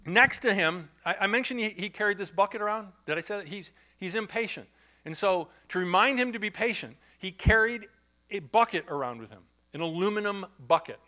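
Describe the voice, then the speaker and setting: This pastor's high-pitched voice carries a sermon told as a story, conversational and animated, with side remarks aimed at the congregation.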